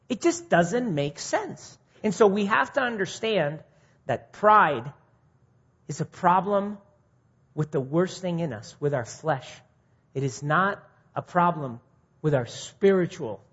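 A man giving an informal, earnest sermon to a men's group, swinging from quiet reflection to pointed, animated emphasis. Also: slightly rough. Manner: earnest, rising to indignant mimicry, then dropping quiet. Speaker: speaker at a men's ministry meeting. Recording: muffled low-fidelity recording.

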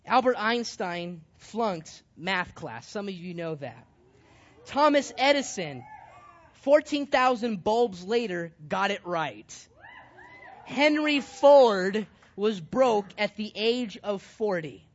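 Man, youth Bible study leader, animated and jokey with shouted emphasis, muffled lo-fi sound. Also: high-pitched, takes it slowly. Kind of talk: lively Bible study teaching with props. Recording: dull lo-fi sound.

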